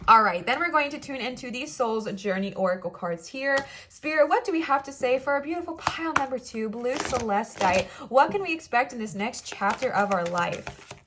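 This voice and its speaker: A young woman reads tarot cards for her viewers in a chatty, playful voice that sits a little high. She reassures her listeners warmly and now and then slips into little acted-out quoted voices. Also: expressive, moderate pace, background noise. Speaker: tarot reader. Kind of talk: pick-a-card tarot reading.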